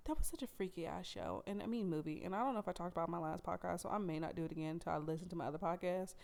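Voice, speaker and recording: A young adult woman, hosting a podcast and telling a story in a blunt, animated way with plenty of swearing. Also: fairly low pitch, very fast, gravelly. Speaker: podcast host. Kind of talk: casual storytelling monologue.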